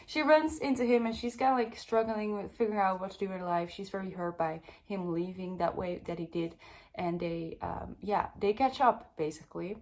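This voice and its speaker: Young woman rambling about books, casual chatty vibe, lots of um and like. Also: mid-range voice. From Netherlands. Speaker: book reviewer. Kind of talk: casual book review chat.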